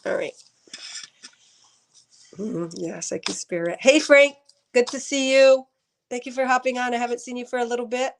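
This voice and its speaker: A woman's voice: fairly high pitch, normal speed, vocal fry, long pauses. Chatty woman giving live-stream readings. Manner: chatty, talks to viewers by name, laughs often. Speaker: intuitive reader on a live stream.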